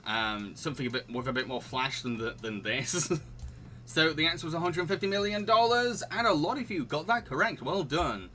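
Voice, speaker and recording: A man with a fairly high, very bright voice hosts a live-streamed quiz. He reads questions and multiple-choice options, then chats and giggles with viewers. A faint hum of noise sits under his voice. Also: moderate pace. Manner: chatty and giggly, reading out questions and answering chat. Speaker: quiz host.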